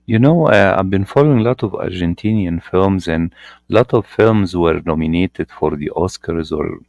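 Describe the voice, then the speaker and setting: Low-voiced polite male host. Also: moderate pace, darkish tone, no room sound. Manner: polite, formal, hesitant. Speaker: interview host. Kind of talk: live interview.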